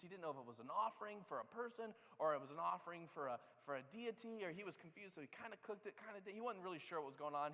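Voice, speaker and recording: A pastor telling a story in a sermon, acting out the characters' lines with lively, casual energy. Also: male voice, high voice, big-room sound. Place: church sanctuary.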